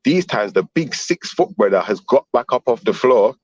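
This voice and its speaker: A middle-aged man, telling a story in animated street slang on a casual stream panel. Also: medium pitch, moderate pace, no echo, lo-fi sound. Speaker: panel guest.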